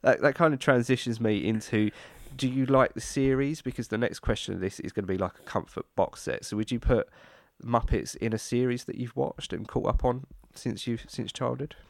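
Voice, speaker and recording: A man, hosting a casual chat in a relaxed, self-deprecating way. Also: medium pitch, brisk, vocal fry, hardly any pauses, no room sound, studio quality.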